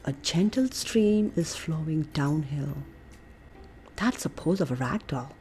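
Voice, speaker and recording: A woman with an American accent, a preschool teacher reading a picture book and leading children through playful yoga poses, coaxing and animated with soft breathy asides. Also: low voice, slow pace, soft background music.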